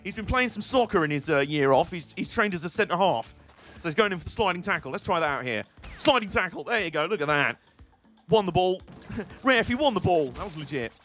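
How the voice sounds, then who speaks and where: A man's voice: fairly high pitch, lively intonation, quick pace, a bit bright, soft background music. A British man streaming a video game, giving casual, joking and rambling commentary. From Britain.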